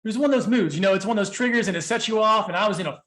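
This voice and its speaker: A man's voice: high voice, racing, a bit bright. A man talking as a guest on a podcast, telling stories animatedly, with frequent "you know"s and restarts. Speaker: podcast guest, speaker and coach. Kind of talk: casual podcast conversation.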